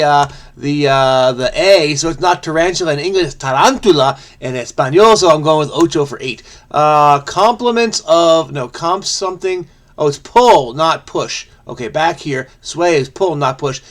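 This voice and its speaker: A man's voice: a little high, fairly bright tone. A man, solving a crossword and thinking aloud in a frenetic, chatty way, muttering guesses and correcting himself. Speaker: crossword solver host.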